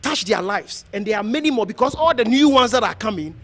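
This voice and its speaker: A middle-aged pastor from Ghana speaks to a gathered crowd in an earnest, exhorting way. His voice sits high for a man, and he circles back over his points as he presses them home. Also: expressive, fairly quick, fairly bright tone. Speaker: pastor hosting an honoring event. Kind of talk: heartfelt speech to a gathering.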